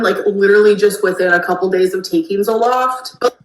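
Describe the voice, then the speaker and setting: A woman's voice: medium pitch, a little fast. Chatty female vlogger in an echoey room. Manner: chatty, rambling product talk. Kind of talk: casual vlog chat. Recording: roomy with faint noise.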